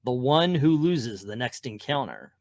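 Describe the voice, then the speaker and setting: A man reading aloud as a determined young male hero sorcerer, declaiming loudly. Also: mid-range voice, animated, a little slow. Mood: defiant. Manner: loud heroic declaiming.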